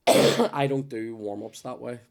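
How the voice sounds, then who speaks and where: A man's voice: medium pitch, takes it slowly, vocal fry, a crowd in the background. A man hosting a podcast in casual chat, a rambling storyteller who swears freely and keeps losing his thread, with a nagging cough. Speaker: podcast host.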